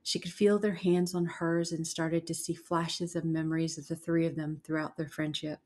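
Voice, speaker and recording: A woman narrating a horror story in a hushed, dramatic way, slipping into whispers. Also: sits low, level tone, moderate pace.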